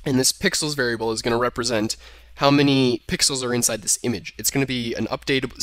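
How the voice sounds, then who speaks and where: A man's voice: medium pitch, steady tone, fast, hardly any pauses, a bit bright. A young man casually talking through code in a programming tutorial, thinking aloud and correcting himself as he types. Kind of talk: screen-recorded coding tutorial. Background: keyboard typing.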